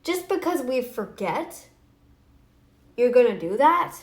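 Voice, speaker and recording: A woman's voice: a little high, very animated, slow pace. A woman vlogging to camera in a casual, snarky, taunting way, rambling with restarts and fillers. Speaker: YouTube vlogger. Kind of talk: casual talking-head vlog.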